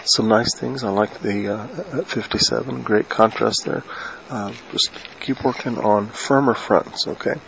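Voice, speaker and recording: An older man, a retired band director, gives brisk spoken comments to a band during its performance, singing and tonguing phrases to show what he wants. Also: lowish voice, vocal fry, a little hiss or hum. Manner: sings and tongues musical phrases to demonstrate; brisk coaching instructions. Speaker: band adjudicator. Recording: dull recording over loud band playing. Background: concert band playing loudly.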